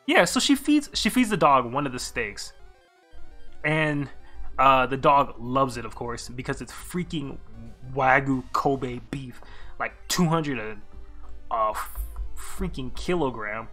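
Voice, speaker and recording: A male streamer telling a story in an excitable, slangy, profane rant. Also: mid-range voice, slow pace, faint music behind. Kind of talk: animated storytelling commentary.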